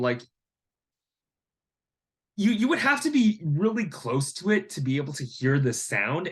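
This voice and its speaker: A man's voice: on the high side, fairly bright tone. A man speaking in a casual monologue, rambling through a story with lots of "like" and "you know.". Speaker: vlogger and landlord.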